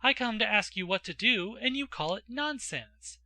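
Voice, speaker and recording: A man voicing an excited, indignant teenage noble girl in a classic audiobook, pleading and breathless. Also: sits high, normal speed, no room sound, voice pushed up, heavily acted. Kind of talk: audiobook character voice.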